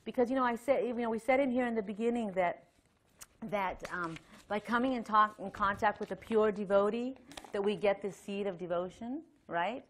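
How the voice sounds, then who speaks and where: A woman's voice: mid-range voice, normal speed. A middle-aged woman giving a Sunday temple lecture, talking conversationally with many fillers and reading a long letter aloud. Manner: conversational, chatty with frequent fillers and light laughs; reads a letter aloud at length. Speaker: temple speaker.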